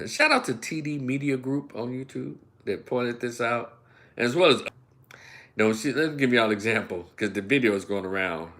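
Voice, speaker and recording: Middle-aged Southern man, opinion host, folksy and animated, voice leaps up and down. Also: medium pitch. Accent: Southern American. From Memphis, United States. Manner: animated, acts out voices and imitations; folksy, addresses listeners as y'all. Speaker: commentary channel host. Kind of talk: ranting opinion commentary.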